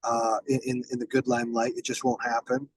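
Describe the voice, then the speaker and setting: Blunt, husky-voiced man talking business. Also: mid-range voice, completely flat delivery, brisk, poor audio. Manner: emphatic, blunt, swears, frequent restarts. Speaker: podcast guest, business founder. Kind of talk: casual interview chat.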